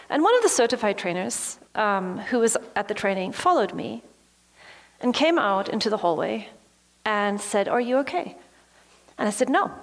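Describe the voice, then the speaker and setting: A woman giving a motivational talk to a live audience, telling a personal story and acting out her own reactions. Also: fairly high pitch. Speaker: motivational speaker. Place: large hall with an audience. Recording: long hall reverb.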